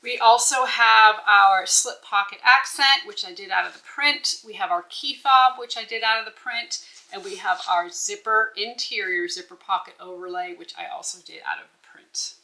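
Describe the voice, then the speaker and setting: Woman teaching a sewing tutorial, bright clear voice, keeps saying okay as she explains. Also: mid-range voice, moderate pace, low-quality recording. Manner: instructive, checks in with "okay?". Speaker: bag-making instructor.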